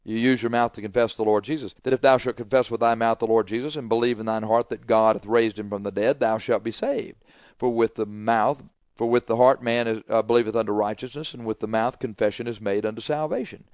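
This middle-aged preacher leans on emphatic, repeated phrases, moving from forceful proclamations to hushed asides. His pitch is ordinary and the recording dry and close, with a clean tone, no echo, and a slightly quick pace.

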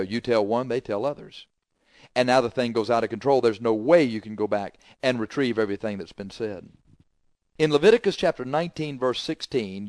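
In a dry, studio-quality recording, a man with a medium-pitched voice preaches a sermon. He hammers the congregation with confrontational rhetorical questions.

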